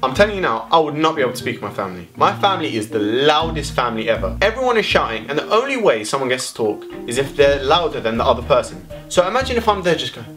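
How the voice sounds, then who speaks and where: A man's voice: medium pitch, big pitch swings, fast, few pauses, over music. A young man, ranting animatedly to camera in a casual vlog, full of swearing and exaggeration. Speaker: vlogger.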